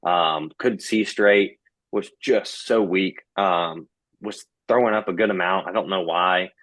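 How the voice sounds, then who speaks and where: A man's voice: low voice, unhurried, fairly bright tone, no echo. A young man casually recounting a personal story, full of fillers and quoted back-and-forth. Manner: conversational, many fillers and quoted dialogue. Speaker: guest telling his story.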